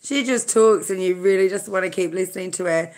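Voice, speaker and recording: A woman's voice: mid-range voice, a little fast, darkish tone. A woman from Australia hosting a casual live-stream chat, chatty, greeting viewers by name with many fillers.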